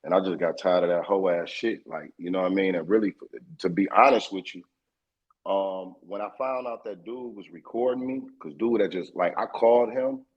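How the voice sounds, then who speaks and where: A man, a guest in a casual interview, telling a story in a streetwise and profane way, getting more animated as he goes. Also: deep voice, moderate pace, lo-fi sound.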